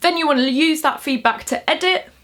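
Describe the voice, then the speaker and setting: A woman's voice: high-pitched, brisk, fairly bright tone. A young woman casually explaining how she writes sonnets, chatty and upbeat, with laughs between points. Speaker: poetry tutorial vlogger. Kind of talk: casual instructional talk.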